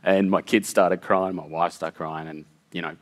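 Deep-voiced man telling a story. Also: fairly even intonation, normal speed. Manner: earnest, tumbling, many fillers and restarts. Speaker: guest storyteller. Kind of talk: emotional personal storytelling.

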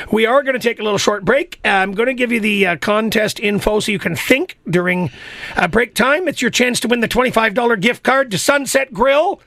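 A man's voice: high voice, vocal fry, pushed and bright, dry recording. A middle-aged man hosting a radio call-in show, upbeat and promotional, repeating phone numbers with lots of fillers. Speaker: radio talk show host. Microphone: studio microphone.

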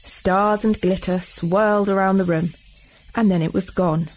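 A woman, a children's author, reading her own storybook aloud with clear, expressive delivery. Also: mid-range voice, unhurried, soft background music.

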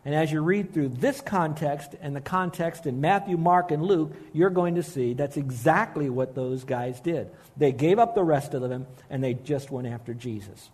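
A man preaching a sermon, earnest and emphatic, slowing down to stress key phrases. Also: a little high, a little mellow, breathy edge. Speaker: pastor.

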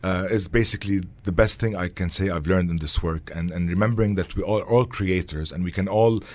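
A man's voice: sits low, brisk, darkish tone. A man speaking as an interview guest, earnest and heartfelt, with a reflective, spiritual tone.

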